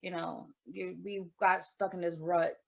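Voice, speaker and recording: A woman's voice: on the low side, level tone, unhurried, gravelly, dull audio. A woman co-hosting a podcast, talking openly and emotionally about happiness and swearing freely. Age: adult with a child. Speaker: podcast co-host. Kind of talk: candid casual chat.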